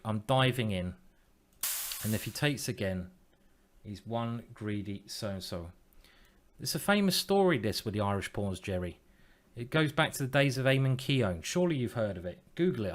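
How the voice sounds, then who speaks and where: A man streaming online chess, thinking aloud in a playful, self-mocking way and teasing his opponent. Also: medium pitch.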